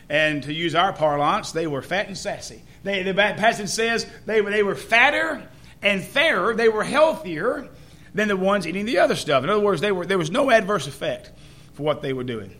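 Folksy preacher with a high voice. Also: male voice, lively intonation, normal speed, pushed and bright. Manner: folksy, questioning the congregation. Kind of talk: sermon.

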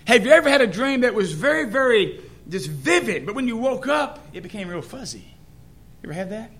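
A man's voice: high voice, big pitch swings, fairly quick, a bit bright. A man preaching a sermon in a folksy way, asking the congregation questions.

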